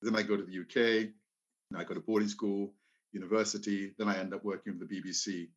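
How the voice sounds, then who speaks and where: A man's voice: fairly low pitch, little pitch movement, quick pace, muffled recording. A man in his fifties from Liberia, telling stories from his life as an interview guest, often acting out quoted dialogue. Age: 50s. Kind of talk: casual storytelling interview.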